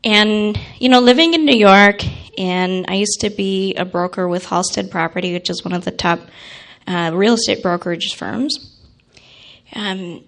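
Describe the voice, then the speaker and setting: A young woman with a mid-range voice, appearing as a guest speaker, tells an audience an animated personal story. She acts out the voices of the people she quotes.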